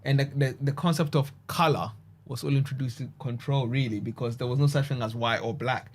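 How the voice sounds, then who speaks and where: A man speaking in a casual group discussion, calm and reflective. His voice sits at an ordinary middle pitch, and he explains his points in steady, measured phrases.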